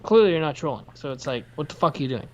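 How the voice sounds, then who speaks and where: A podcast co-host whose voice sits at an ordinary middle pitch, launching into heated, swear-filled rants during a casual chat. The rants often trail off into apologies. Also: animated, racing, dull audio. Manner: profane, heated ranting. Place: workplace.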